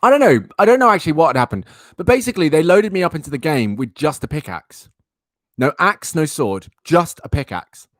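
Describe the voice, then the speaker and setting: A young man rants through a casual story as a live stream host, circling back on the same phrases to hammer each point home. His voice sits a little high for a man and sounds close and dry, with no room around it. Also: very animated, brisk, no room sound. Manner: exasperated, repeats himself for emphasis. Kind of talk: casual ranting anecdote.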